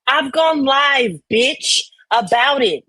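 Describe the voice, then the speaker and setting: A woman co-hosting a casual chat, talking fast and bluntly. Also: high-pitched, lively intonation, bright, forceful tone, no room sound, rough recording. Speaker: co-host.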